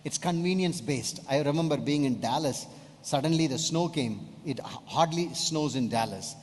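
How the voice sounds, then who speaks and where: A man's voice: fairly high pitch, expressive, normal speed, a little mellow. A male pastor preaching a sermon emphatically, often putting questions to the congregation. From India. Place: church hall. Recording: long hall reverb.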